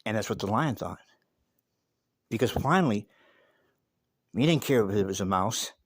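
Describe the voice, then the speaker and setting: A man's voice: lowish voice, expressive, normal speed, dry recording, clean studio sound. A man giving a casual spoken monologue and telling a story, emphatic and profane, often repeating words as he goes.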